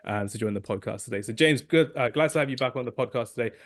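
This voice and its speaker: A man from England hosting a casual football podcast, excitable and rambling, correcting himself often and losing his voice. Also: medium pitch, fairly quick, few pauses, background noise. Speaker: podcast host.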